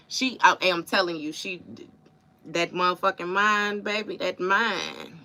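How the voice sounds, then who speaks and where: A woman's voice: lowish voice, sing-song, a little slow, pushed and bright. A woman giving a live tarot reading in casual chat, swearing freely and reciting song lyrics in rhythm to make her point. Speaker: tarot reader.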